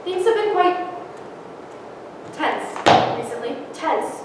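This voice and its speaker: A woman as a nervous, politely evasive sister, her voice high-pitched. It rings with long reverb in a hall and is caught from a distance, with noise behind. It is a live stage play. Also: takes it slowly. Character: anxious sister who helped shoot their father.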